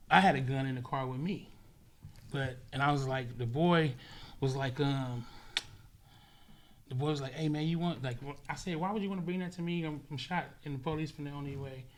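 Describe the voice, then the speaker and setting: Speaking in a mid-range voice, a male podcast guest recounts a colorful, crude story in relaxed conversation. He acts out the sounds along the way, veering from loud bursts to hushed murmurs.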